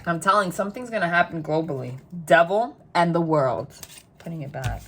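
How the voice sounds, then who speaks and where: A woman's voice: lowish voice, expressive, brisk, fairly bright tone, slight background noise. A woman giving a tarot reading to her viewers, chatty and emphatic, repeating phrases again and again. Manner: chatty and spontaneous, talks straight to the viewer. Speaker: tarot reader.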